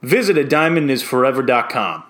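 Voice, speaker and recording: A man's voice: mid-range voice, sing-song, brisk, fairly bright tone. A man voicing a quirky New York guy character in a put-on New York accent, reading a commercial script. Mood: brash.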